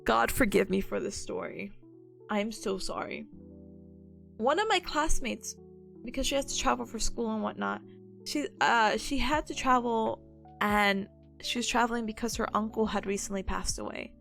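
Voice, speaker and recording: Bubbly high-voiced woman streamer. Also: normal speed, vocal fry, a bit bright, faint music behind. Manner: giggly, bubbly storytelling, frequent laughter. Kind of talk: casual chat stream.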